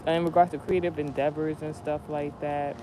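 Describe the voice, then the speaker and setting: Man, slightly high voice, rambling vlog chat, outdoors, passing cars, noisy street. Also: normal speed. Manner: rambling, animated storytelling with many restarts. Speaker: vlogger. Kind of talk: casual spiritual vlog talk.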